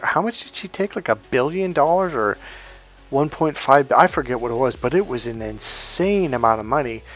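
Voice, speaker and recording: A man talking as a dating coach in a profane, emphatic rant straight to his listeners. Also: medium pitch. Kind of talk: monologue to camera.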